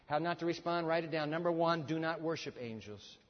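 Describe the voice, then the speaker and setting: Male preacher, fairly high voice, big swings from hushed to booming, reverberant hall, dull sound. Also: fairly quick. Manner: dramatic swings between booming and hushed delivery; asks the audience rhetorical questions. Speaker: pastor. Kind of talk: sermon.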